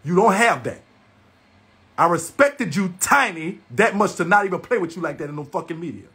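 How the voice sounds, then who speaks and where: Man, angry livestream rant, swooping lively pitch, raspy breathy voice, confrontational. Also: brisk. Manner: heated, repetitive, confrontational. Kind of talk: angry profane rant to viewers.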